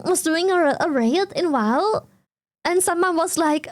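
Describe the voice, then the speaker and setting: Her pitch is extremely high and her delivery animated but unhurried: a young streamer from Germany or the Netherlands, reading chat aloud, giggling a lot and swearing without restraint as she talks casually with viewers.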